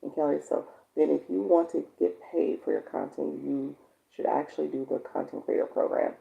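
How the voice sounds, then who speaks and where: A woman's voice: fairly quick, creaky, phone-quality sound. A woman hosting a live stream as a coach, chatting casually and encouragingly with her viewers and reading their comments aloud. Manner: encouraging, chatty, bursts into high excited laughter.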